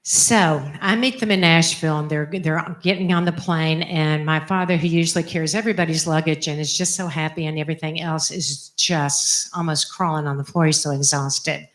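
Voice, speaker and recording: An older woman, a religious sister, telling a personal story in an animated, emphatic way. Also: sits low, moderate pace, hardly any pauses. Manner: animated, emphatic, acts out quotes. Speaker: religious sister giving a testimony. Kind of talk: storytelling talk.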